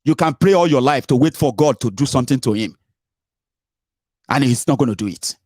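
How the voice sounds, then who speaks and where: A Nigerian political commentator with a Nigerian accent gives an emphatic, mocking monologue packed with rhetorical questions, mixing in Pidgin and Yoruba. His mid-range, darkish voice is brisk with lively intonation, recorded at studio quality with no room sound.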